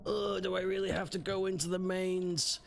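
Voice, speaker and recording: A man's voice: high voice, little pitch movement, normal speed, gravelly, slight background noise. A man chatting casually while streaming a game, grumbling about technical trouble. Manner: grumbling, easily frustrated by tech trouble. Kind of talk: casual gaming stream chat.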